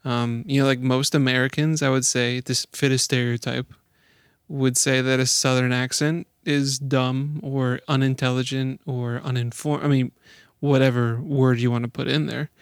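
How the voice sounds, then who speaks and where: Relaxed, affirming male co-host. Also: mid-range voice, normal speed, clear, resonant tone, dry recording, studio quality. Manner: relaxed storyteller, affirming often. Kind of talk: casual chat.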